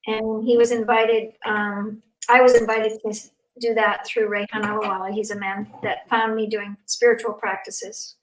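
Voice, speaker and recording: An older woman hosting a casual conversation, speaking in an earnest, gentle way. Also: mid-range voice, level tone, moderate pace, few pauses. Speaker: host. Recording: echoey, distant from the mic.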